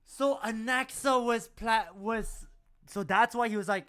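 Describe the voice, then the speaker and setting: A man's voice: high voice, a little slow, clear, resonant tone. A young man, chatting animatedly while streaming a game. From Malaysia. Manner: chatty, animated, laughs often. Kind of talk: casual gameplay commentary.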